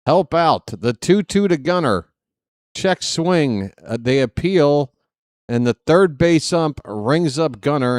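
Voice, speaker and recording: Guy doing play-by-play on a fan stream, slow and chatty, dry close sound. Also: mid-range voice, darkish tone, clear, resonant tone, no room sound. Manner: chatty, joking, fussy stickler. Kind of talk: live stream play-by-play commentary.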